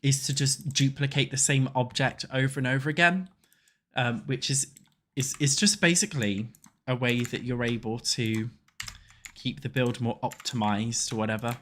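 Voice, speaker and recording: A man's voice: medium pitch, fairly even intonation, moderate pace, a bit bright, slight background noise. A man with a cold, chatting crudely and joking with his live chat while building in a game. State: congested with a cold. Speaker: streamer. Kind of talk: casual livestream chat while playing.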